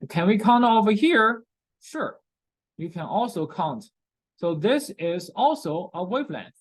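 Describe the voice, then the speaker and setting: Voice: medium pitch, big pitch swings, a little slow, poor audio. A chemistry lecturer in a recorded class, repeating key terms, checking in often with "okay?", and speaking with non-native grammar.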